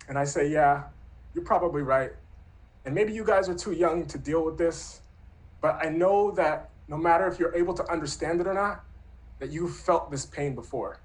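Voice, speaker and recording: A man in his thirties telling a true personal story in an earnest, reflective, softly spoken way. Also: a little high, normal speed, low-quality recording.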